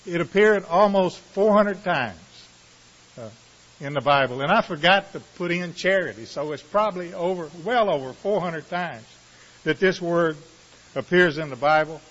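A man preaching a sermon, reading scripture slowly with dramatic pauses before explaining it with dry asides. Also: on the high side, a bit bright. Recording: muffled, reverberant hall sound.

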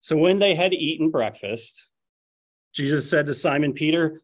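A man's voice: fairly high pitch, moderate pace. A man preaching a sermon, telling the story and acting out the lines he quotes. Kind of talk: expository sermon.

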